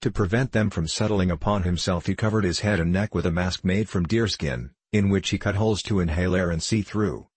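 A hearty, boastful young man spins exaggerated warnings with relish, read by a man in an audiobook. His voice is low and slightly husky. The sound is dry and close. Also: no echo. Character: boisterous gossiping young English man, fond of tall tales.

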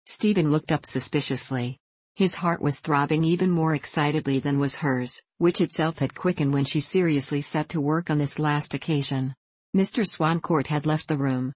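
A woman narrating a novel in a measured, steady reading. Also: deep voice, husky, dry recording, low-quality recording. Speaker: audiobook narrator. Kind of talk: scripted narration.

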